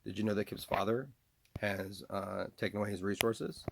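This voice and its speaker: A man's voice: lowish voice, normal speed, vocal fry, heavy background noise. A man talking to camera in a rambling monologue, firing off repeated rhetorical questions and stumbling through fillers and restarts. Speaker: video blogger.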